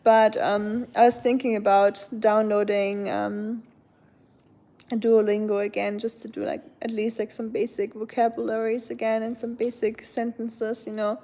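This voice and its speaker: A woman rambles through a relaxed live-stream chat, padding her sentences with filler words. Her voice sits a little high. It has a warm, mellow tone. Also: a little slow. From Germany. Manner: rambling, many filler likes. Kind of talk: casual chat.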